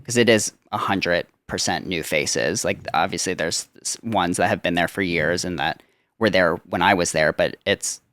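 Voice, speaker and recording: A man's voice: low voice, normal speed, fairly bright tone, no room sound, clean studio sound. A young man, a guest on a podcast, chatting casually about his work as a theme park character performer, with many filler "like"s.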